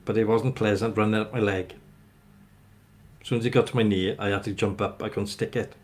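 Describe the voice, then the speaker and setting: A man's voice: on the low side, steady tone, a little fast. A man hosting a livestream, telling a rambling story to his chat and tagging "right?" onto his sentences. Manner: rambling anecdote, keeps adding "right?". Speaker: livestream host. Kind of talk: ranting storytelling to live chat.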